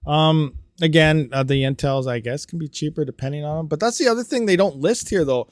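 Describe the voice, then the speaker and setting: A man hosting a casual livestream, ranting about hardware and reading out viewer comments, animated and quick to get riled up. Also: fairly high pitch, no echo. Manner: animated, ranting, talks fast then trails off quietly. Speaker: crypto mining livestream host.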